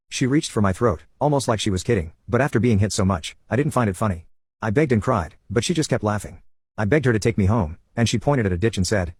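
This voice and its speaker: Fast, husky-voiced male storyteller. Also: lowish voice, dry recording. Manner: rapid, steady first-person telling. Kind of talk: scripted storytelling narration.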